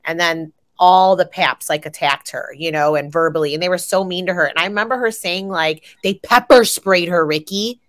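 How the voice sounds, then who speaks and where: A young adult woman co-hosting a casual pop culture podcast, an animated storyteller who swears freely and jumps high in pitch when she gets excited. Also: normal speed, hardly any pauses. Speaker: podcast co-host.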